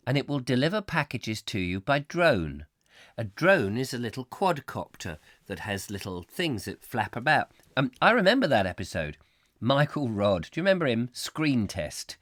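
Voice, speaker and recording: Male host, chatty and rambling, lively pitch. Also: no echo, studio quality. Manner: rambling, playful, self-mocking, hums tunes. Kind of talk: live comic chat show, reading viewer comments.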